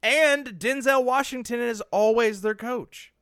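Bright, crisp-voiced joking podcast man. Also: very high voice, measured pace, no room sound, clean studio sound. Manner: joking, laughs often, riffs on bits. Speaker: podcast co-host. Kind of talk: casual comedic chat.

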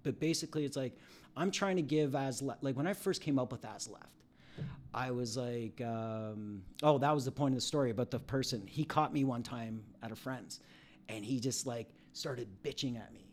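In a relaxed interview, this middle-aged man, who works as an emotional recovery coach, shares stories openly and performs bits of dialogue along the way. He speaks in a mid-range voice at a moderate pace.

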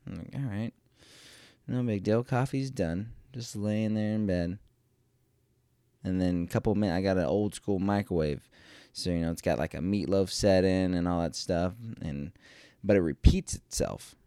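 Guy rambling thru a story about his morning, kinda low smooth voice, swears a bit, jokes about himself. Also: steady tone, normal speed, mellow, no room sound, studio quality. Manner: rambling, self-deprecating, profane. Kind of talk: casual personal storytelling.

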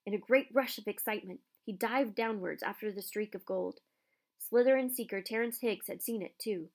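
A woman narrating a storybook aloud with an expressive reading. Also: mid-range voice, moderate pace.

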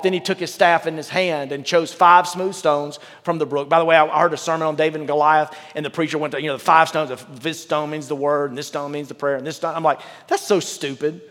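Man preaching with a fairly high voice. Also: a bit bright, long reverb tail. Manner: reads scripture aloud, then breaks off into candid, joking asides. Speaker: pastor. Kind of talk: sermon. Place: large church with a balcony.

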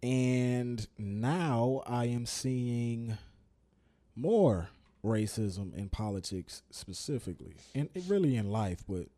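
Blunt, mellow-voiced podcast man. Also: medium pitch, animated, takes it slowly. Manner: blunt, insistent, plain-spoken with cursing. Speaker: co-host of a podcast. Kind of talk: casual chat.

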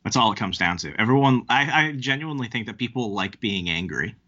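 A man's voice: mid-range voice, expressive, bright, forceful tone. A man hosting a podcast, ranting in casual chat with an exasperated tone. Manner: exasperated, fast ranting with restarts. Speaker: podcast host. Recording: dull lo-fi podcast audio.

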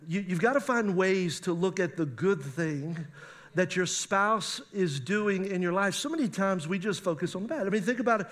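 A middle-aged male pastor preaching a sermon on marriage, animated and acting out spouses' voices. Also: sits high, normal speed.

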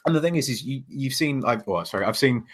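A man's voice: medium pitch, animated, fast, a bit bright. A man in casual podcast chat, talking hesitantly with many fillers and restarts.

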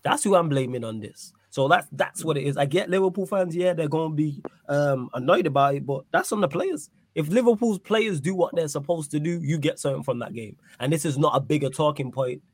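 Male pundit, a touch high, dry close mic, emphatic, answers his own questions. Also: brisk, hardly any pauses, breathy edge, no room sound. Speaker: football pundit on a live stream. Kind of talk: casual debate.

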